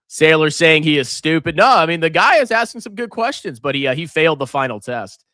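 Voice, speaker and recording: Finance host, male, mocking and loud; bright, high voice, dry close sound. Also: expressive, fairly quick, dry recording. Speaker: finance commentator. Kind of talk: reaction commentary reading comments.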